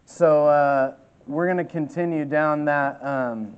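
A man pastor teaching a Bible study in a casual, conversational way, with many fillers and lively bursts of emphasis. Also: fairly high pitch, slow pace, lo-fi sound, slight background noise. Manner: conversational, many fillers, reads scripture aloud; animated, acts out voices with bursts of emphasis.

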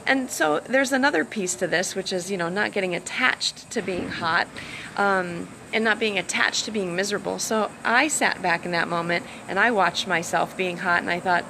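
Animated woman with a gravelly edge. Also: medium pitch, normal speed, background noise. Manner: animated, acts out quoted dialogue. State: slight sore throat. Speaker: self-love coach and hypnotherapist. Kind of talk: casual live-stream talk. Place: outdoors by the ocean.

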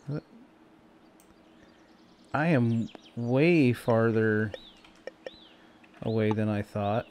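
A man's voice: mid-range voice, a little mellow. A man playing a golf video game and talking his way through each shot in casual, self-mocking let's-play commentary. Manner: chatty, self-mocking, talks to himself while playing.

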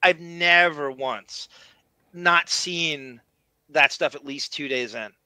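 A man's voice: on the high side, slow pace, sharp tone, dry recording. A man with a Long Island accent hosting a casual live-stream chat, rambling and self-deprecating. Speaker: show host.

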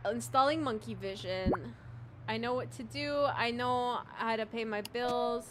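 A woman's voice: fairly high pitch, steady tone, measured pace, background noise. A woman streamer giving casual commentary as she plays, chatty and swearing as she thinks aloud. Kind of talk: gameplay commentary. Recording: loud game music under the voice.

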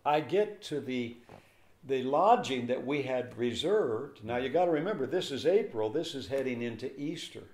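During an interview, an older man who is a pastor spins a story with animation, acting out what each person said. His voice is mid-range and his speed normal. An echoey room surrounds him.

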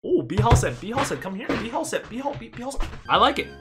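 Hyped young guy yelling at a football game. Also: very high voice, sing-song, fast talker, over music. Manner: hyped, yells at players, jokes to viewers. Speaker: gaming YouTuber. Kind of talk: excited live game commentary.

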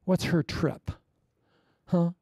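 A middle-aged man preaching a sermon as pastor, joking, with loud declarations and quiet asides. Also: extremely slow, no echo, studio quality. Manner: lively, joking, swings between loud proclamations and quiet asides.

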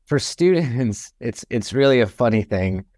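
A man from Florida, a chemistry professor, talking as a podcast guest in a thoughtful, measured way with frequent fillers. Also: medium pitch, animated, a little mellow, no room sound, clean studio sound. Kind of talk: casual interview talk.

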